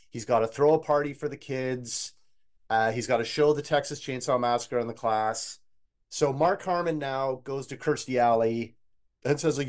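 A man co-hosting a podcast, reviewing an eighties movie in casual chat, opinionated and animated. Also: mid-range voice. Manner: animated, opinionated, quotes scenes in a put-on voice. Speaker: podcast co-host.

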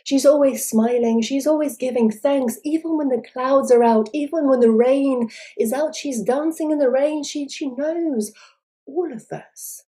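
A kindly old grandmother of spring, as a woman storyteller puts her on, coaxing and gentle, speaking up for the girl in a mellow, unhurried voice with a slightly raised pitch.

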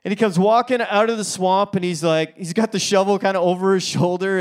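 A man's voice: sits high, steady tone, brisk, hardly any pauses. A male pastor preaching a sermon, telling a story in a chatty way with fillers and restarts.

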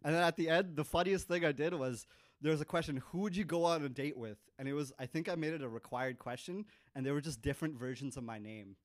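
A man from North America, around thirty, telling an embarrassing story on a podcast in a lively, joking way. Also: on the high side, fast, no room sound. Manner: animated, laughing storyteller. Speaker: podcast host. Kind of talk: casual storytelling.

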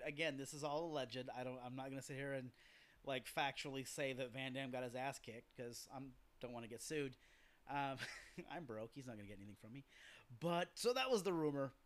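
A man hosting a casual solo podcast, telling rambling stories full of swearing and offhand asides. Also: mid-range voice. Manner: profane, rambling storytelling with asides; acts out quoted lines in a gruff voice. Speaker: podcast host.

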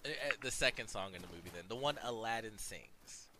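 A man's voice: on the low side, lively intonation, a little fast. Rambling man critiquing a movie. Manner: rambling, hesitant, incredulous. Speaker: podcast co-host. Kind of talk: casual movie review chat. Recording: audible background noise.

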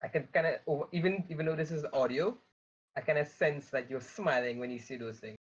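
A man hosting a casual podcast interview, friendly and quick to laugh. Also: fairly high pitch, breathy edge, dull audio. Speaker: podcast host.

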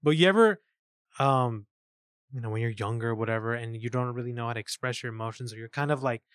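A man co-hosting a casual film review podcast, excited and profane, acting out lines from scenes. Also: mid-range voice, fast talker, no room sound, studio quality. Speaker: podcast co-host.

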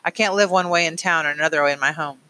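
A man's voice: fairly high pitch, quick pace, bright, forceful tone. A man voicing an earnest principled father. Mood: pleading. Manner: earnest, pleading, firm. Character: steady principled father, middle-aged lawyer. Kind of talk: audiobook character reading.

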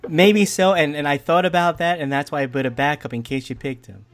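A man's voice: on the high side, steady tone, a little fast, soft background music. A man co-hosting a casual podcast chat, rambling with lots of fillers and frequent laughs.

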